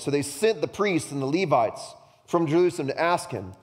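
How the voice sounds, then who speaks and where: Emphatic preacher with hushed intensity. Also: male voice, fairly high pitch, animated, normal speed, long reverb tail. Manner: emphatic, often dropping to a quiet, intense hush. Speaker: pastor. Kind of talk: sermon.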